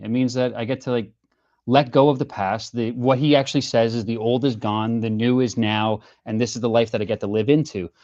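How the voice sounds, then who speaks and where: An earnest man talks through his story in a casual interview, animated and full of fillers. His voice sits at a middling pitch. The sound comes over a dull, lo-fi video call line. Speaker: singer-songwriter guest.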